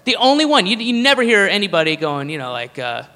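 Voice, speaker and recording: A man's voice: sits high, sing-song, fast, pushed and bright. A man doing a rambling, profane stand-up comedy routine on a stage mic. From American South. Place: live venue stage. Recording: reverberant live hall, faint ambience.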